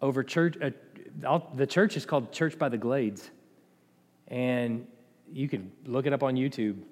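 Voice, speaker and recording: Impassioned preacher in a reverberant church. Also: male voice, mid-range voice, measured pace. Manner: impassioned, swings between loud and quiet. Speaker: pastor. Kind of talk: sermon. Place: church sanctuary. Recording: long hall reverb.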